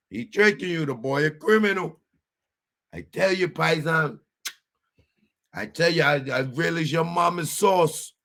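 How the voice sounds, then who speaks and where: A man's voice: a little high, vocal fry, a bit bright, voice pushed up. A man voicing a scheming Italian-American mafia man with conspiratorial, wheedling mob-boss talk.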